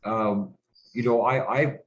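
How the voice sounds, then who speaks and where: A man's voice: lowish voice, fairly even intonation, takes it slowly, lo-fi sound, a little hiss or hum. A man from Canada talking in a casual interview, rambling with many restarts and fillers and swearing bluntly. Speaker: guest.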